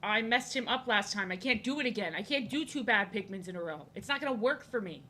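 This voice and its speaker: A young woman streams herself drawing and chats casually, rambling playfully, greeting viewers, and often stumbling and restarting her words. Her mid-range voice is expressive and sharp, and she speaks fast.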